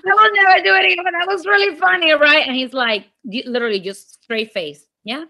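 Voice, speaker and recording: A woman in her thirties telling a comic story in casual chat, animated and laughing often, with lots of "like". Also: high-pitched, fairly quick. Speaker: guest storyteller.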